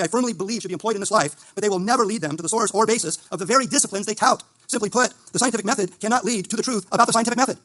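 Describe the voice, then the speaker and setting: A man giving a formal, gently ironic closing statement at a debate event. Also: high voice. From Italian heritage.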